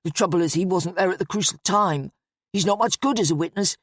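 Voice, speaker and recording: A woman's voice: lowish voice, brisk, husky, no echo, clean studio sound. A woman voicing an earnest, uneasy young man who speaks hesitantly.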